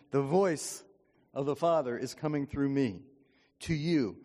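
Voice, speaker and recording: A man's voice: mid-range voice, moderate pace, darkish tone. A man preaching a sermon as pastor, in a folksy, conversational way, often checking in with the congregation. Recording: long hall reverb.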